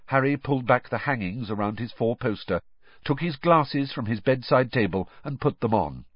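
A man narrating a storybook with expressive storytelling. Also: on the low side, normal speed, slightly rough, dry recording. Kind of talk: audiobook reading with character voices. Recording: dull dry lo-fi.

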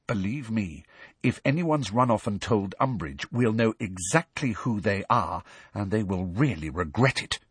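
A man's voice: medium pitch, wildly swooping pitch, dry recording, pitched above the performer's own voice, full character voice. A man doing a clever, cool-headed teen schoolgirl. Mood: cool, firm. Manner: crisp, measured and grim.

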